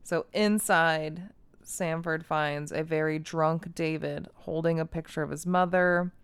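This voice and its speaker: A woman casually recapping a movie plot in animated detail, swearing freely and acting out the characters' lines. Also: deep voice, measured pace, clear, resonant tone, no echo. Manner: animated storytelling, frequent swearing, acts out quotes. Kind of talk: casual chat.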